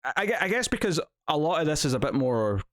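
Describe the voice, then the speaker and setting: With a fairly high pitch and a fast delivery, this Scottish TV review co-host keeps the casual conversation animated, performing quotes in put-on voices. The recording is dry and studio-clean.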